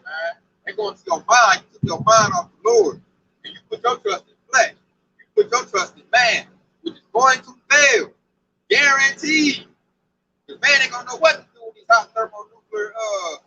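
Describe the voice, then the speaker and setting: Excitable high-voiced, gravelly preaching man. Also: moderate pace, dull audio, a little hiss or hum. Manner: excitable, exclaims and riffs loosely. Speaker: street preacher. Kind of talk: informal preaching chat.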